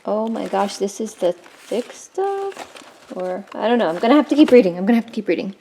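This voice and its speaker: Gushing woman with a gravelly edge. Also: medium pitch, big pitch swings, a little fast, dark tone, a little hiss or hum. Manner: gushing, exclamatory, awed. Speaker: art channel host. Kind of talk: casual unboxing vlog.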